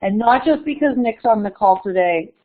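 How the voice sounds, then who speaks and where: A woman's voice: on the high side, animated, normal speed. A woman moderating a webinar, reading a prepared welcome and housekeeping notes. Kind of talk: scripted webinar introduction. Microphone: conference call line. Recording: tinny phone-line audio.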